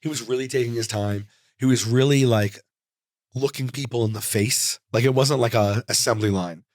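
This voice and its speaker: A man's voice: medium pitch, moderate pace, no room sound. Comedian guy in his 40s rambling through a story, dry close sound, lots of likes. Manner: rambling, animated anecdote with frequent "like". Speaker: comedian guest. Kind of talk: casual storytelling in an interview.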